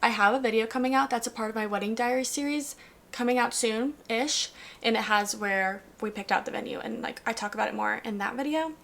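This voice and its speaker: A woman's voice: a little high, brisk, creaky, fairly bright tone. A young woman in her twenties recapping her year in a casual, chatty vlog, upbeat and full of "like" fillers. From US South. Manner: bubbly, upbeat, lots of "like" fillers. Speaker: lifestyle vlogger.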